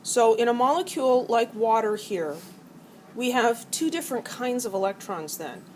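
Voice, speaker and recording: A woman's voice: on the high side, animated, normal speed, darkish tone, a little hiss or hum, poor audio. Playful middle-aged woman teaching chemistry. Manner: playful, acts out atoms as characters. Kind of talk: classroom lecture. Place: college classroom.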